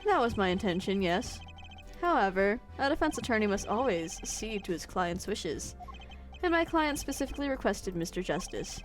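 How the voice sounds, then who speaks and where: A woman voicing a smooth, self-assured male defense attorney with calm, polished delivery. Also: medium pitch, normal speed, soft background music, lightly acted.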